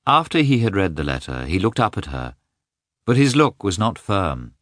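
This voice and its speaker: A man narrating a classic novel as an audiobook, in an expressive, measured telling. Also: low voice, dry recording, clean studio sound.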